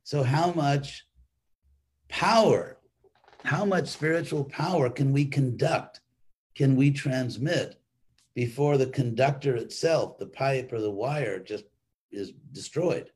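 A man's voice: mid-range voice, slow pace, a little mellow, husky. An older man, a monk, giving an informal weekly class in a rambling, conversational way with frequent restarts.

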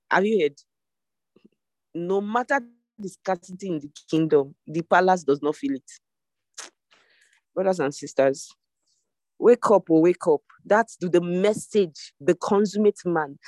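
A devotion leader preaches an online sermon over a video call. The voice sits at a middling pitch and repeats its exhortations with emphasis. The sound is dry, with no room echo. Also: a little mellow.

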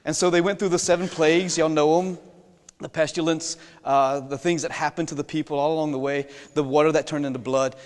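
A man's voice: on the high side, steady tone, fast talker. A man preaching a sermon, retelling a Bible story in a folksy way with jokey asides and questions to the congregation. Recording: long reverb in a large hall.

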